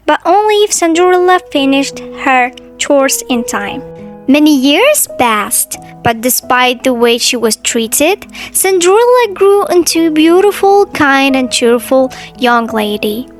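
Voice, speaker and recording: A woman narrating a fairy tale aloud in an expressive, sing-song read-aloud manner. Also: sits high. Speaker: storyteller. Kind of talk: storybook narration.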